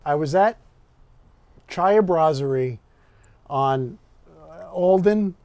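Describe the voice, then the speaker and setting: A man's voice: a little high, slow, dry recording. A man hosting a podcast in casual chat, telling a story with energy and acting out each voice in his anecdote. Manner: animated storyteller who acts out the dialogue. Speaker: podcast host.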